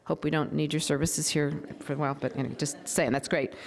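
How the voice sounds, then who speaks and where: A woman, a county board member serving as master of ceremonies, hosts a public event for an audience in a room, her low-pitched voice fast, fairly even in intonation and touched with vocal fry. She chats informally with asides and fillers before reading a proclamation, with slight background noise audible.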